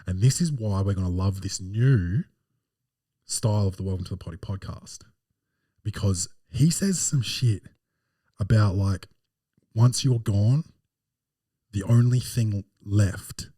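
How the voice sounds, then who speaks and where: Man, podcast host, low voice, mellow tone, profane rambling rant. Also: breathy edge, no room sound, studio quality, far from the mic. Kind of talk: casual podcast chat and movie review.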